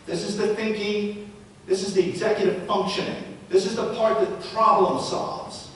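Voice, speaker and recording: A man's voice: level tone, normal speed, a bit bright. Man speaking in an echoey hall. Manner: storytelling with rhetorical questions. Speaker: presenter. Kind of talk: live public talk to parents and educators. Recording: echoey hall, distant mic, faint rumble.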